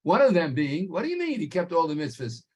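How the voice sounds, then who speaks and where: A man teaching a Torah class, explaining slowly and stretching key words for emphasis. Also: a little high, very animated, darkish tone, slightly rough.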